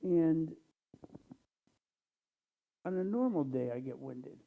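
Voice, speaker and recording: A man speaking plainly and unhurriedly to a congregation, tired and low on energy, with frequent pauses. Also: expressive, vocal fry. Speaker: church speaker. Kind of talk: casual talk to a congregation. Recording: tinny phone-like sound.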